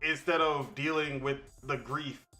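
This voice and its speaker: Bright-voiced man hosting a podcast. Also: fairly high pitch, steady tone, measured pace, faint music behind. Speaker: podcast host. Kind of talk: casual chat.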